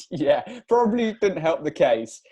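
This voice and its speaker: A man's voice: on the high side, mellow, husky. A young man, co-hosting a casual podcast, telling a story and chuckling along the way. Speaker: podcast co-host. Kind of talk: casual chat.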